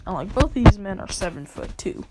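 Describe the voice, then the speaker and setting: A woman's voice: mid-range voice, animated, brisk, heavy background noise. A woman casually telling a fan story for a video, rambling and filling gaps with asides and "like" and "uh". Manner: rambling, full of fillers and asides.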